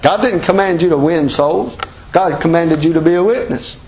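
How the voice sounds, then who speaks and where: A man's voice: fairly high pitch, normal speed, darkish tone, slight background noise, poor audio. A man with a Southern American accent preaching a sermon as pastor, folksy and emphatic, full of rhetorical questions.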